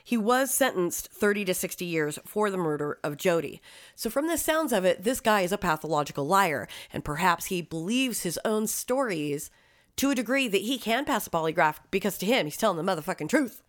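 A woman on a true-crime podcast mic, half reading case notes and half chatting with a co-host. She talks in a loose, casual way and drops curse words into her asides. Her voice sits at a middling pitch. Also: lively intonation, moderate pace. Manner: reads case details then swears and riffs.

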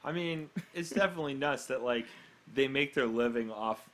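Male podcast co-host, average pitch, rambling and filler-heavy. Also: normal speed, fairly bright tone. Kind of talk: casual chat.

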